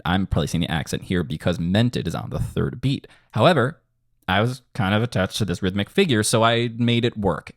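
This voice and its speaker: A man teaching melody writing in a casual tutorial, animated and quick, now and then singing bits of lyrics. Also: lowish voice, no echo, studio quality. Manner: animated, quick bursts, sings snippets of lyrics. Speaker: music composition teacher.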